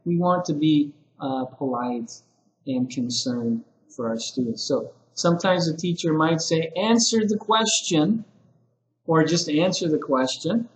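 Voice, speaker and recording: Man, ESL teacher trainer, conversational lecture, slightly high voice, roomy echo. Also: measured pace. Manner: conversational, acts out sample teacher phrases. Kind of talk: lecture-style teaching video. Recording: echoey room.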